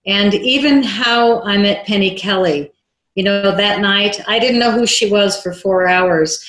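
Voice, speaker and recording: A woman filmmaker, a guest on an interview show, telling a story in a lively way and acting out the dialogue she quotes. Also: mid-range voice, unhurried. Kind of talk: animated anecdotal storytelling. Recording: roomy echo.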